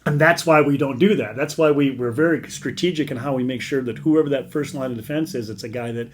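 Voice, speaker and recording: A man's voice: mid-range voice, fast, a little hiss or hum. A middle-aged man, a veteran charity leader, telling stories in a casual interview in an earnest, rambling way with many repeated words.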